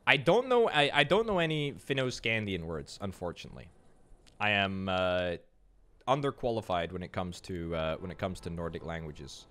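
A low, animated, slightly bright voice belongs to a Scottish man streaming a game. He chats casually, answering viewers' messages with quick, joking comebacks.

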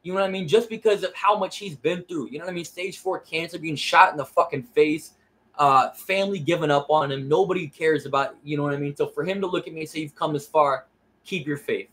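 A man's voice: on the high side, quick pace, a bit bright. A young man casually telling a personal story, emotional and profane, often repeating "I said" and "you know what I mean.". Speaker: vlogger.

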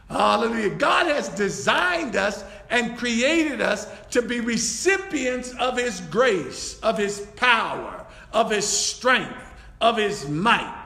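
A bishop-elect preaches a sermon in a very high-pitched, gravelly, sharp-toned voice, repeating his phrases and breaking in with praise. The church hall is echoey.

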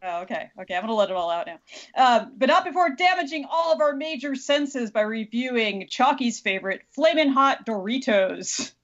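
A woman's voice: on the high side, lively intonation, moderate pace, fairly bright tone, lo-fi sound. A woman hosting a comedy podcast, giggly and teasing in casual chat. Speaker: podcast host.

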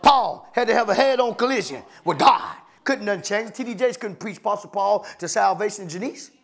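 A man preaching in a very high voice, his sermon plain-spoken and fervent. He swells into shouted and half-sung lines and keeps circling back to a repeated refrain. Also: gravelly. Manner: impassioned preaching, rising into shouts and sung phrases; colloquial, repeats "my God" as a refrain. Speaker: pastor.

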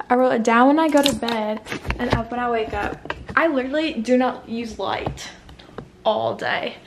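Young woman vlogger, chatty and bubbly, slightly high voice, faint room hiss behind. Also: darkish tone. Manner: chatty and bubbly, rambling asides. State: slightly out of breath. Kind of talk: casual apartment tour. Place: small apartment indoors.

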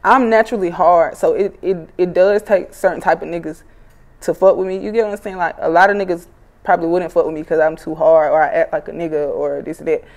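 A mid-twenties woman rapper talking in a slightly low voice. She is blunt and profane, swears often, and laughs easily while she tells her stories in a relaxed, casual interview. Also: quick pace.

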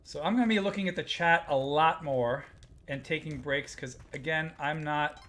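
A man's voice: a little high, moderate pace, fairly bright tone. A man hosting a live stream, giving casual gameplay commentary, muttering to himself and chatting with viewers as he plays.

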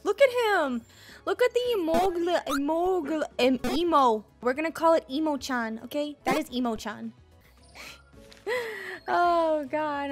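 A woman with a high voice gives let's-play commentary in an unhurried way. She gushes and squeals over cute creatures and tosses in silly jokes, with game music playing faintly under her. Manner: silly joking asides. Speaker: gaming streamer.

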